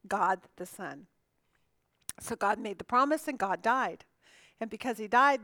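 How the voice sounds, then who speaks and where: A woman's voice: on the high side, moderate pace, fairly bright tone, no room sound. Woman teaching a Bible class. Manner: asks the class questions and answers them herself; restarts sentences as she thinks aloud. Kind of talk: conversational Bible lesson.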